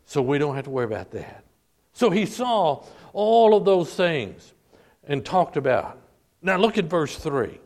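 A man with a fairly high voice preaches with fervent emphasis, repeating phrases and drawing out the words he stresses. He leans on the congregation, calling them folk and pressing each point home. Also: sing-song, unhurried, darkish tone. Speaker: pastor. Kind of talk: sermon. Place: church service.

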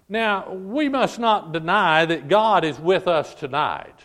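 Man, preacher, sermon, fairly high voice, emphatic, repetitive, drawn-out stressed words. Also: expressive, a bit bright. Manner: addresses congregation as "folk". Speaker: pastor. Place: church service.

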